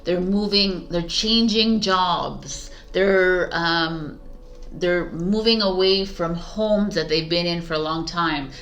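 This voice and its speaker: Tarot lady rambling to camera, lots of likes and ums, bright punchy voice, bit low. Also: takes it slowly. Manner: rambling, chatty, lots of fillers and self-talk. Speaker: tarot reader. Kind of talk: casual spiritual chat to camera.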